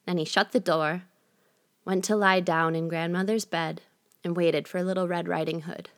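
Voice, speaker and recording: A woman narrating a fairy tale in a measured, gently expressive storytelling manner. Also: on the low side.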